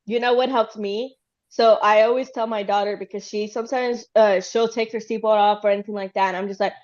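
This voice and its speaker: A woman hosting a podcast, chatting casually and telling animated stories with frequent laughter. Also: medium pitch, a little fast, muffled recording. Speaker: podcast host. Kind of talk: casual chat.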